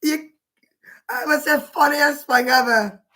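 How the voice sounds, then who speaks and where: A high-pitched woman chatting on a casual livestream. She keeps breaking into giggles and trying to hold them back, and her voice has gone hoarse from all the laughing. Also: measured pace, sharp tone. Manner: giggly, fighting fits of laughter. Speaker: livestream host. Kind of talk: casual live chat.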